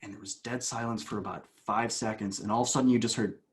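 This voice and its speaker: A man, a coach, telling a long story as a podcast guest, with animated bursts and hushed asides. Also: fairly low pitch, fast.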